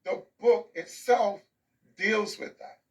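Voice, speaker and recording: Man in his 60s, high voice, emphatic storyteller, rhythmic lists, distant mic. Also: steady tone, slow pace. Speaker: author and guest. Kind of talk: interview storytelling.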